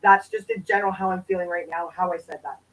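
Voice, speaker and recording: A woman co-hosting a livestream, arguing emotionally with swearing and quick apologies. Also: on the low side, rough recording. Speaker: livestream co-host. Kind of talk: heated livestream argument.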